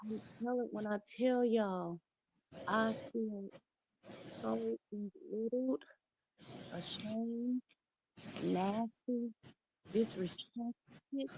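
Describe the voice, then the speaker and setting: A middle-aged woman talks bluntly, acting out each quoted voice with animated storytelling. She speaks over remote call audio that at times comes through low. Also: a little hiss or hum. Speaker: livestream caller. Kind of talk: candid personal story on a livestream. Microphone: remote call audio, sometimes low volume.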